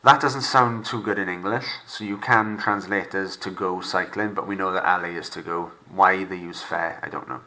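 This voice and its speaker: A male teacher talking through a recorded lesson for pupils at home. His voice sits a bit low but carries a bright, forceful tone. He slows right down to model each phrase clearly before explaining it. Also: fairly even intonation, poor audio. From Wales.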